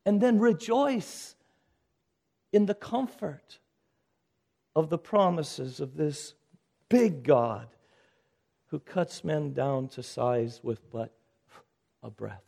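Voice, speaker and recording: A man preaching from the pulpit, his voice sitting high for a man. He pleads and urges, climbing to loud calls and then sinking to near-hushed phrases. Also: expressive, slow pace, creaky, pauses often, breathy edge. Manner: urgent preaching, swinging from loud exhortation to hushed lines. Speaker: pastor. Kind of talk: sermon.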